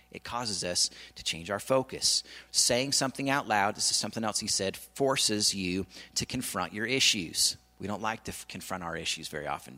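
Male pastor, middle-aged, sermon delivery, lowish voice with a bright, forceful edge, leans on "right?" and "amen?". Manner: rhetorical questions, frequent "right?" and "amen?".

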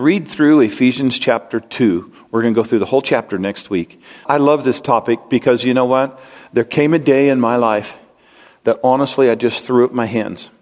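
A man's voice: medium pitch, darkish tone. A man preaching a conversational, rambling sermon to his congregation, often asking them questions. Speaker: pastor. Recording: long hall reverb.

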